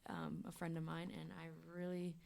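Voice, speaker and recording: A woman appearing as a guest soccer player on a sports radio show, speaking in a soft-spoken, hesitant way. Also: sits low, completely flat delivery, moderate pace, creaky. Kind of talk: casual sports talk. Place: radio studio.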